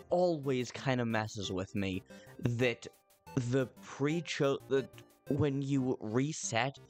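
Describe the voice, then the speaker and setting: A man chatting casually on a game livestream, rambling and correcting himself as he goes. His voice moves around a lot in pitch and he talks slowly, with faint music behind him. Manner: rambling, self-correcting, playful. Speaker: streamer playing a video game.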